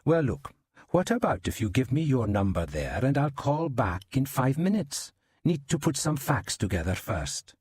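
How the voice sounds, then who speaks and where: Male reader as a wary Welsh cop, dry humor, husky, lively delivery. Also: mid-range voice, normal speed, pitched above the performer's own voice. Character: Welsh male police inspector, sardonic and guarded.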